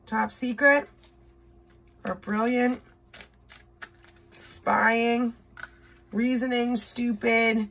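A woman's voice: a little high, takes it slowly, gravelly, long pauses, a bit bright, slight background noise. A woman doing a casual tarot reading, reading card words aloud in short bursts, blunt and swearing now and then. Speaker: tarot reader.

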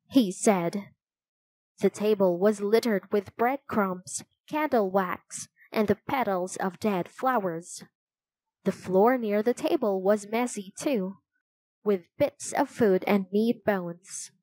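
A woman reading a children's chapter book aloud, telling it slowly and clearly. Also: medium pitch, a little mellow, no room sound, low-quality recording. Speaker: storybook narrator.

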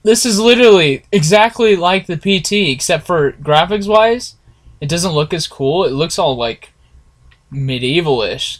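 A man's voice: high-pitched, a bit bright. A man giving nervous, jumpy commentary while playing a horror game, talking to his viewers and swearing often. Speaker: gameplay streamer.

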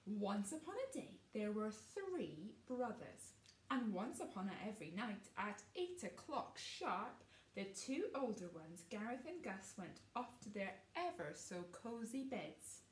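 A woman reading a picture book aloud to children, gently asking them questions along the way. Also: medium pitch, sing-song, a little slow. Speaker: storybook reader. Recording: roomy, distant mic, faint noise.

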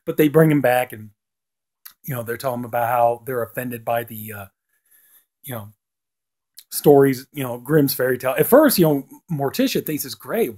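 His medium-pitched, darkish voice is animated, moving at a moderate pace with long pauses. He rambles through a casual review of a TV episode, leaning on "you know" fillers and lifting his voice to act out lines.

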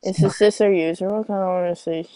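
A woman's voice: fairly low pitch, steady tone, fast, dark tone, dry recording, poor audio. A woman vlogger with a sore throat, rambling in a giggly, tipsy late-night chat.

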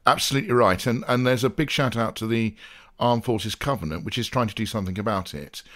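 A man from the South Coast of England co-hosting a relaxed podcast chat, his voice sitting on the lower side. He rambles and jokes, drifting into asides before finding his way back to the point. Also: quick pace. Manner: rambling, jokey, with playful digressions. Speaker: podcast co-host.

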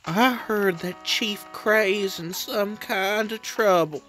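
A woman's voice: medium pitch, slow pace, fairly bright tone, faint music behind. A woman voicing a proud villager from a warrior clan, with an American Southern accent and a folksy drawl.

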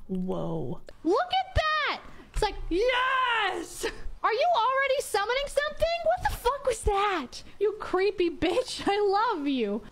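Excitable swearing high-voiced woman gamer. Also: measured pace, few pauses, a little hiss or hum. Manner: excitable, swears a lot, laughs often. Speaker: gamer showing her game island. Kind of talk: excited gaming clip.

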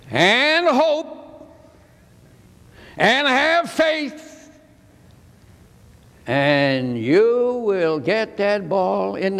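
An old preacher putting on a devout mother, firm and matter-of-fact, gently scolding her son. The voice sits high and gravelly and takes its time. It rings in a long, echoey hall. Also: heavily acted.

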